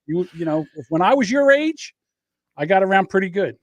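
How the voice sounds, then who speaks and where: A man's voice: high-pitched, big pitch swings, a little fast, no echo. A man co-hosting a podcast who chats casually and tells boastful, joking stories. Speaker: podcast co-host. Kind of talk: casual chat.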